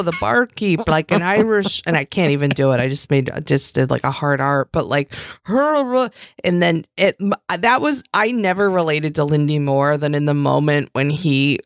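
Gravelly low-voiced woman podcasting. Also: dry recording, clean studio sound. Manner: chatty, many fillers like "like", playful quoting. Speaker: podcast co-host. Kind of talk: casual chat recapping a reality show.

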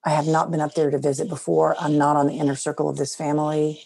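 In an interview, a middle-aged woman with a low, deep-set, gravelly voice shares a personal story as a guest. She speaks fast with a level tone, earnest and soft-spoken, her voice dropping quietly at the serious moments.

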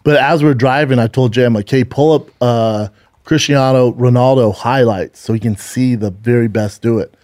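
A man in his forties co-hosting a casual podcast chat, telling a story in animated bursts and acting out the people in it with plenty of swearing. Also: medium pitch, normal speed, no room sound, studio quality. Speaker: podcast co-host.

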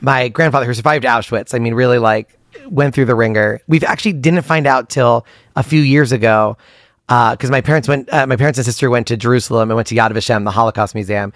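A man's voice: mid-range voice, dry recording, clean studio sound. A man guesting on a podcast, telling family stories casually with wry asides. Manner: wry, animated storytelling with quick asides and laughs. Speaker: comedian guest. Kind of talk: casual storytelling interview.

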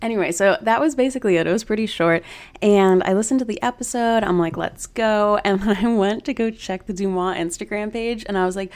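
A woman's voice: medium pitch, fast, darkish tone. Chatty, gossipy woman podcast host. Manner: chatty, gossipy, swearing freely. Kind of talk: casual podcast monologue.

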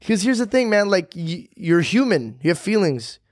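A man's voice: high voice, sing-song, moderate pace, dry recording, studio quality. A man co-hosting a podcast, chatting casually and teasing his friend with frequent laughter. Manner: joking, laughs often, teasing. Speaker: podcast co-host. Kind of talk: casual chat.

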